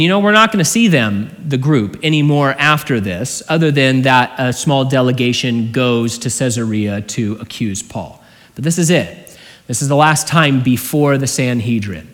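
A man preaching an expository sermon as a pastor, earnest and full of rhetorical questions, his voice often dropping low at the ends of phrases. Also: fairly bright tone. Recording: long hall reverb.

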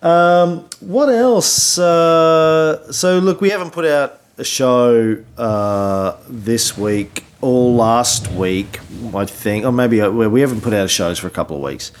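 A middle-aged man hosting a podcast, chatting casually late at night in a hotel room, a little hoarse and rambling with many fillers and restarts. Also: medium pitch, slow pace, hardly any pauses. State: losing his voice. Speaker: podcast host.

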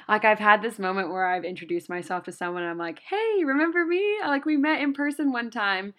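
A woman's voice: medium pitch, brisk, fairly bright tone. Hesitant woman podcast host. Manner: hesitant, many fillers, trailing off. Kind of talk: casual conversation.

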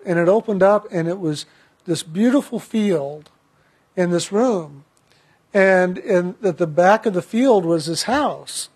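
A man telling a personal story in a chatty, halting way, often repeating words. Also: high-pitched, darkish tone.

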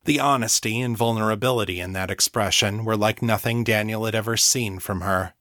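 A man reading his own fantasy novel as an audiobook, in a steady, measured storytelling voice. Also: lowish voice, no room sound, clean studio sound. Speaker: author and audiobook narrator. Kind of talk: scripted audiobook narration.

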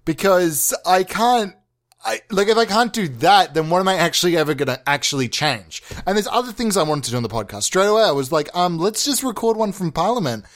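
A crude, incredulous prime minister, as a young man plays him, rambling in a loose comedy bit. The voice sits a little high for a man, full of casual swearing and disbelief. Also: animated, brisk. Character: crude, bewildered new male prime minister. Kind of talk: improvised comedy monologue.

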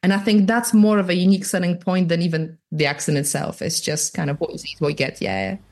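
A woman in her thirties from Poland with a light Polish accent, a photographer chatting as a guest in a casual, straight-talking, lively way. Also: fairly low pitch, fast talker. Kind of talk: casual interview chat.

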